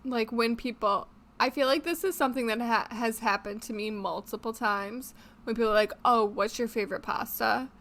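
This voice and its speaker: A woman's voice: a little high, fairly even intonation, normal speed, a bit bright. Chatty young woman podcast host. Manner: chatty, laughs often, playful. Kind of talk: casual chat.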